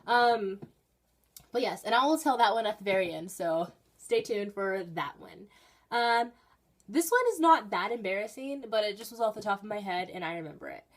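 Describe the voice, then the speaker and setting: A woman's voice: mid-range voice, moderate pace. Chatty teenage girl vlogging from her bedroom. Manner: chatty, rambling, with bursts of excited emphasis. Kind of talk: casual storytelling vlog.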